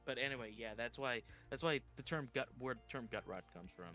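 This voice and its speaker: A man's voice: mid-range voice, a little fast, sharp tone, faint music behind. A man hosting a reaction stream, talking casually and swearing freely while telling stories.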